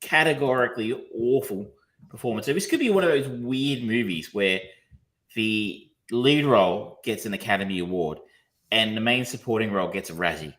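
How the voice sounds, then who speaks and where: A man's voice: on the low side, lively intonation, moderate pace, fairly bright tone. A man co-hosting a podcast, talking casually and rambling, with frequent ums, restarts and casual swearing. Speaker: podcast co-host reviewing films. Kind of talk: casual chat.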